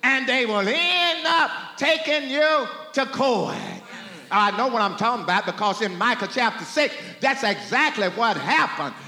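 A male pastor preaches in a strikingly high, lively voice, stretching each phrase slowly. His tone is bright and ringing, and long reverb from a roomy sanctuary trails behind every line. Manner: slow, drawn-out preaching that builds to shouting; call-and-response with the congregation. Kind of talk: preaching a sermon. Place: church sanctuary.

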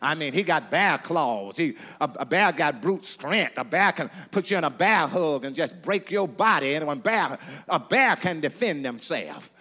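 A man's voice: fairly high pitch, lively intonation, moderate pace, hardly any pauses, pushed and bright. Man preaching in a reverberant hall. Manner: call-and-response preaching with rhythmic repetition. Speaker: pastor. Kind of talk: sermon.

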